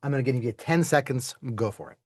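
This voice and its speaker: Playful, lively male online teacher. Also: medium pitch, quick pace, dry recording, clean studio sound. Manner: playful, chatty, asks students to type in the chat. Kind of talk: live online class for kids.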